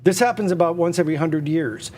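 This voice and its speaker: A man's voice: a little high, fast, darkish tone, a little hiss or hum. A man hosting a live online auction, talking at a computer in repetitive, pushy salesman patter with stammered restarts. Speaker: auctioneer and livestream host. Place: indoors at a computer.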